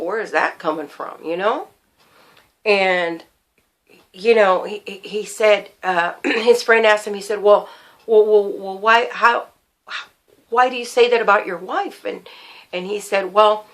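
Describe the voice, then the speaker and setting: Bright-voiced woman teaching with earnest repetition. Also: medium pitch. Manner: earnest, repeats key phrases, storytelling. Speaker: women's Bible teacher. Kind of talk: sermon-style teaching.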